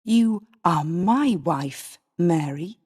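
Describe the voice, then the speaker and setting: A woman's voice: on the low side, expressive, extremely slow, a little mellow, husky, heavily acted. A woman doing a sneering jealous husband. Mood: mocking. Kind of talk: storybook reading. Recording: long reverb.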